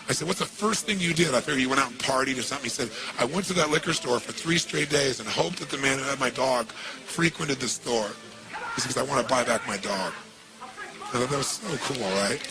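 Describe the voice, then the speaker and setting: Gravelly man telling a story over music. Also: medium pitch. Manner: animated, asks the audience rhetorical questions. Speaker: motivational speaker. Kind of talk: storytelling talk.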